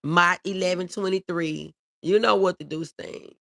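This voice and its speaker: A woman with a low-leaning, creaky voice talks a little slowly as she runs a casual livestream. She voices her viewers' comments and reassures them earnestly, circling back to key phrases often.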